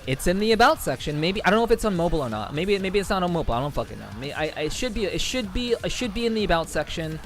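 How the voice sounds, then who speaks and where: A man with a high, light voice talks loosely to his stream chat, cursing freely and circling back over the same words. Faint music plays softly behind him. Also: very animated, very fast, few pauses. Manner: profane, rambling, laughing, repeats himself. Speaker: livestreamer reading chat. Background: faint background music.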